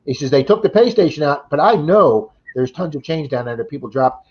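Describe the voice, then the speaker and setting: A man telling an animated story in a casual livestream chat, acting out what others said. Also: fairly high pitch, brisk. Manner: animated retelling, acting out quoted voices. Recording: slightly dull lo-fi livestream audio.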